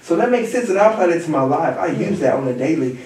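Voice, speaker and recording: A man's voice: fairly high pitch, animated, fast talker, a little mellow. A man who is a guest on a podcast in casual chat, earnest and preachy, repeating his points. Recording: very echoey room, far from mic.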